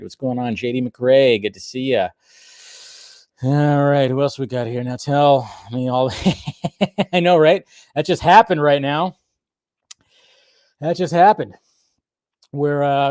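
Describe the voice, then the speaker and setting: A man hosts a casual live stream, rambling with plenty of fillers and calling out viewers by name. His voice sits at a middle pitch. The sound is close and dry. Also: a little mellow, no echo. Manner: chatty, greets viewers by name, many fillers.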